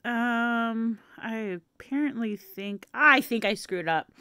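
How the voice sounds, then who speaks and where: A woman's voice: fairly high pitch, takes it slowly, pushed and bright, clean tone, no echo. A woman chatting casually to camera as a vlogger, playful and laughing often.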